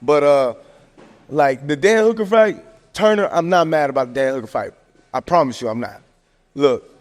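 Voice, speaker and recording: A man hosting a podcast, giving casual sports commentary in a slangy, animated rant full of fillers. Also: medium pitch. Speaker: podcast host. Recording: long echoing reverb.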